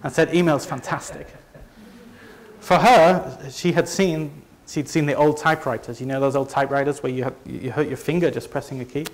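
A man's voice: medium pitch, fairly even intonation, brisk, few pauses. A man from Leeds with a Northern English accent, giving a conversational, self-deprecating presentation to a live audience. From north of England. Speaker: company presenter.

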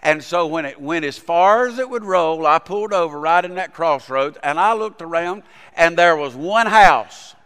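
Pastor, folksy storyteller turned fervent preacher, clear ringing voice, church hall echo. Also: male voice, fairly high pitch, expressive, moderate pace, a bit bright. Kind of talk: sermon. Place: church sanctuary.

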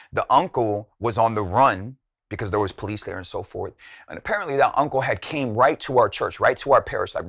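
A man's voice: vocal fry, fairly bright tone, no room sound, studio quality. Man telling a story, casual and slangy. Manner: casual, many fillers and slang, retells dialogue with rising pitch. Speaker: youth minister and show host. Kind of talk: personal storytelling.

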